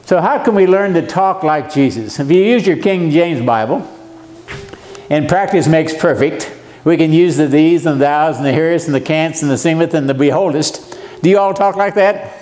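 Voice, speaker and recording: A man's voice: a little high, lively intonation, moderate pace, darkish tone. A man, giving a folksy Bible lesson and joking with the audience. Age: 70s. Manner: joking, asks the audience questions. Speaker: seminar speaker.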